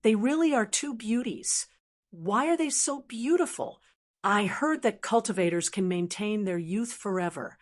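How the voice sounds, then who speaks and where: A woman's voice: mid-range voice, a little slow, lightly acted. A woman reading the lines of a jealous, spiteful middle-aged woman in an audiobook. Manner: bitter, envious.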